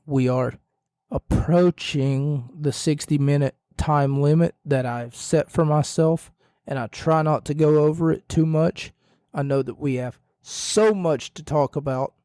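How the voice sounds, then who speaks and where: A man hosting a solo wrestling podcast, rambling and correcting himself with jokes, his voice a little hoarse. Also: fairly high pitch, a little slow, warm tone, dry recording. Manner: rambling, self-correcting, jokey. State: slightly hoarse, losing his voice. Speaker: podcast host.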